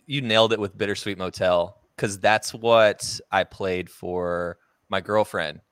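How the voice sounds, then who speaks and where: A man's voice: deep voice, steady tone, unhurried, fairly bright tone, clean tone, no room sound, studio quality. A young man hosting a podcast, telling stories in a loose, slangy way and laughing often. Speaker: podcast host. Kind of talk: casual chat.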